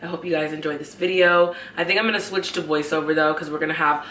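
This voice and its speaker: A woman's voice: low voice, steady tone, fast, fairly bright tone, roomy sound, a little hiss or hum. A woman in her thirties, chatty and upbeat, talking casually to her channel from home, a little stuffy from a cold. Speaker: vlogger, homemaking channel host. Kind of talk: casual chat to camera.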